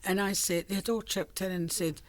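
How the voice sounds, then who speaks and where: A woman's voice: medium pitch, fairly even intonation, fairly quick, no echo. An older Scottish woman reminiscing about her working life in a chatty, storytelling way, laughing often. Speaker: interviewee. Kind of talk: reminiscing oral history.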